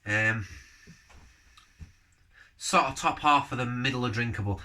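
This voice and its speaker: A man's voice: mid-range voice, measured pace, long pauses, sharp tone. A man casually reviewing a beer on camera, rambling from one thought to the next and giving blunt verdicts. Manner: rambling, jumps between topics.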